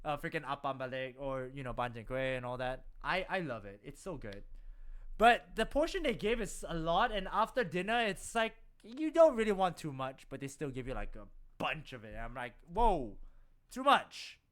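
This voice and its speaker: A man's voice: medium pitch, brisk. A young man, chatting animatedly while streaming a game. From Malaysia. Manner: chatty, animated, laughs often. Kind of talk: casual gameplay commentary.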